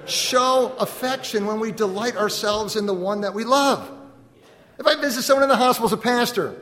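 A man preaching a sermon as a pastor, animated, acting out little dialogues and laughing often. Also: high-pitched, brisk. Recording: long hall reverb.

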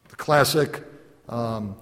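A man preaching a sermon as a pastor, animated, acting out little dialogues and laughing often. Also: medium pitch, takes it slowly. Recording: long hall reverb.

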